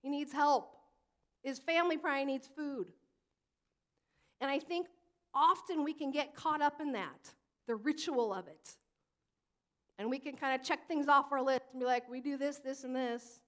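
A woman pastor in her thirties delivers a sermon with a high voice. She talks in a chatty, animated way, telling stories and acting out the lines of the people in them. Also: moderate pace, long pauses. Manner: conversational, animated storytelling with acted quotes.

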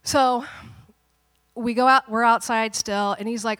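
A woman pastor in her thirties telling a family story during a sermon, animated and dramatic, with playful asides. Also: a little high, unhurried, big-room sound.

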